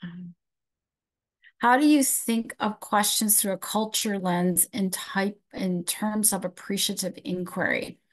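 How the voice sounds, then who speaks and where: A woman's voice: mid-range voice, slow pace. A middle-aged woman presenting a live webinar, answering audience questions from the chat in a conversational way.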